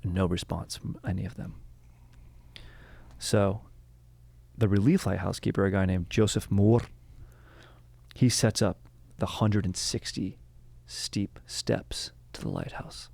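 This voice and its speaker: A young man hosts a casual history podcast, rambling through the story with jokes and cutting himself off to correct what he just said. His voice is low, warm, and fairly even, with vocal fry and a breathy edge. He speaks unhurriedly and pauses often.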